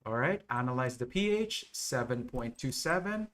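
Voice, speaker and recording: A man teaching nursing exam material on a live stream, explaining slowly and checking in with viewers often. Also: medium pitch, animated, fairly bright tone. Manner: slow, repetitive explaining with frequent okay and right checks.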